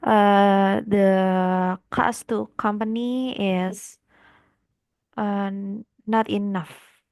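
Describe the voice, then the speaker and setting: Very slow, halting woman student. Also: medium pitch, steady tone, darkish tone, clean tone, dry recording. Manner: very slow, halting, searching for words. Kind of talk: class practice answer.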